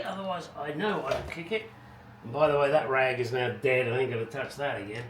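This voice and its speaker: A middle-aged man talks fast in a medium-pitched voice while describing the restoration of a car in his home garage, casual and wry, drifting off topic with muttered asides. The sound is echoey and distant, with background noise.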